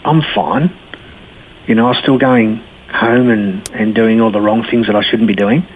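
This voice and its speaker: A man's voice: lowish voice, fairly even intonation, moderate pace. Australian man on a tinny phone line. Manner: blunt, laid-back storyteller, laughs easily. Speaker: guest sharing his faith story. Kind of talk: telling his life story in an interview. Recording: tinny phone-line sound, faint hiss.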